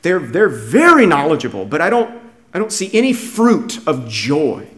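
A man's voice: a little high, huge pitch swings, normal speed. Emphatic preacher man. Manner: emphatic, restarts phrases, swings from hushed to raised. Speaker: pastor. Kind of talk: sermon.

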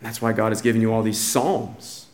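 A man preaching a sermon in a conversational style, shifting between quiet low asides and raised, emphatic lines. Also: fairly even intonation, moderate pace.

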